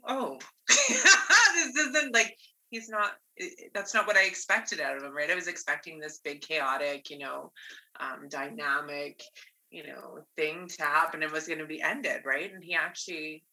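Woman guest, super bright voice, telling her story real candid, lots of "right?". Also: low voice, fairly even intonation, moderate pace, rough recording. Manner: candid, earnest, often ends with "right?". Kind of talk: personal storytelling.

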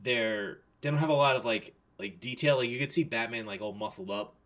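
A man's voice: mid-range voice, brisk, fairly bright tone. A man co-hosting a casual movie podcast, rambling and correcting himself, swearing freely. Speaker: podcast co-host.

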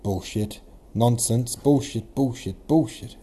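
A man's voice: lowish voice, brisk, mellow, breathy edge. A man voicing a stern old prince who barks curt orders and repeats himself. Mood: furious. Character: stern shouting old prince, gruff father.

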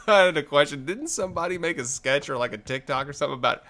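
Excitable podcast guy, bright voice, pitch bouncing all over, cracks himself up. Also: fast talker. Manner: excitable and jokey, laughs a lot. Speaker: podcast co-host. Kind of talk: casual chat.

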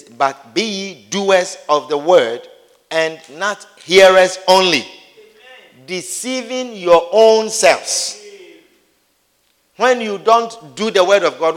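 A man's voice: fairly high pitch, fairly bright tone. A male preacher giving a sermon who acts out everyday scenes and repeats key phrases for emphasis. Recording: long hall reverb.

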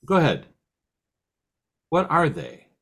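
A man's voice: fairly high pitch, wildly swooping pitch, takes it slowly, a bit bright, husky. A man hosting a casual interview, asking long questions and restating his guest's ideas. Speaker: host.

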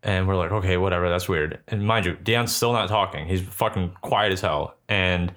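A man's voice: deep voice, normal speed, a bit bright. A young man casually telling a ghost story, rambling and swearing with lots of filler words.

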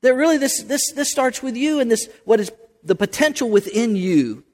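High-voiced pastor preaching in a hall. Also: male voice, expressive, moderate pace, a little mellow. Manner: conversational, many restarts and rhetorical questions. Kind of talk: sermon. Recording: long hall reverb.

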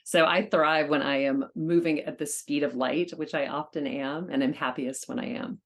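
A woman guest on an interview podcast, a charity auctioneer talking in an upbeat, energetic way. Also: low-pitched, moderate pace. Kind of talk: casual conversational interview.

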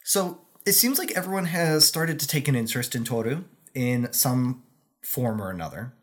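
A man with a middle-pitched voice talks through a casual review chat. He sounds earnest and thoughtful, and his voice softens and drops as he finishes each thought. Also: expressive, normal speed. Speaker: co-host.

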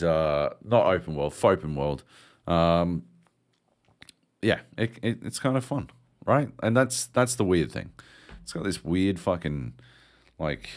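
A lower-voiced man on a gaming podcast who talks at an unhurried pace but swings his pitch widely as he tells stories. His chat is loose and profane, full of fillers and asides. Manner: profane, animated storytelling. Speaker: podcast co-host. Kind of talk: casual chat about video games.

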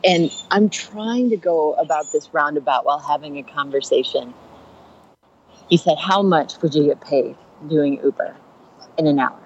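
Woman comedian, low voice, chatty storyteller acting out quotes, slightly muffled recording with faint hiss. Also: normal speed. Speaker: stand-up comedian and rideshare driver. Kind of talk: casual storytelling on a podcast.

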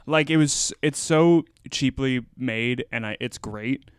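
A man talks casually on a podcast in a smooth, resonant voice, recorded dry and close. He rambles with plenty of fillers and tosses in jokes. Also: mid-range voice, slow, dry recording. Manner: rambling, filler-heavy, jokey. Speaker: podcast co-host. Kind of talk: casual chat.

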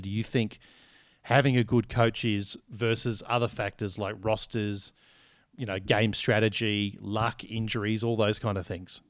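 A man's voice: on the low side, no room sound, studio quality. A man co-hosting a podcast, chatty and joking, swearing freely. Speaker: podcast co-host. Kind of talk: casual sports chat.

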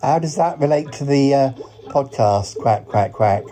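A man's voice: mid-range voice, animated, a little slow, warm tone, soft background music, close to an everyday voice. Man voicing a quacking talking duck. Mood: eager. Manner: says quack, quack, quack after his sentences. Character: cheerful polite male talking duck. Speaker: podcast character.

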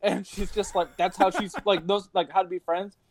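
High-voiced rambling young man. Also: little pitch movement, normal speed, no room sound. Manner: rambling, swearing, laughing storyteller. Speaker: podcast host. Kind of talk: casual podcast chat.

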